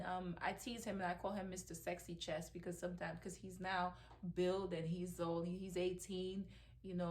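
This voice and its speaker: A middle-aged woman, a mother, talking emotionally in a heartfelt personal vlog, with lots of ums and restarts. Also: lowish voice. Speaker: mother vlogger.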